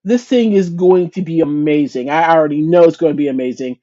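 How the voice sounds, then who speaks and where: A woman's voice: deep voice, brisk, warm tone, muffled recording. Chatty woman hosting a crochet livestream. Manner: chatty and self-deprecating, greets viewers by name; frequent restarts and stumbles. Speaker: livestream host of a crochet chat. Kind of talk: casual livestream chat.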